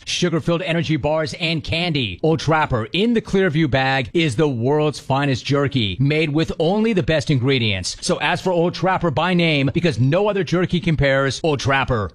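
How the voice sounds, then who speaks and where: A man reading a scripted snack commercial in a punchy, selling voice-over style. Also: mid-range voice.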